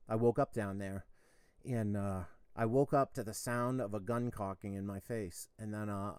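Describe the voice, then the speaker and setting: A man's voice: on the low side, a little mellow, clear, resonant tone, no echo. A middle-aged man hosting a podcast, rambling through a personal story with lots of fillers and casual swearing. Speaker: podcast host.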